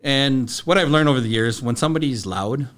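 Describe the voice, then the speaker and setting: A middle-aged man, a podcast guest, telling stories in a halting, plain-spoken way full of fillers and restarts. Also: mid-range voice, fairly bright tone. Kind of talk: casual storytelling.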